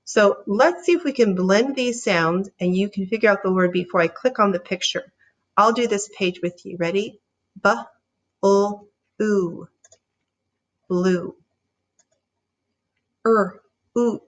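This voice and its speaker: A woman teaching a reading lesson, sounding out words slowly and encouraging young readers. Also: medium pitch. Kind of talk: slow, clear phonics lesson.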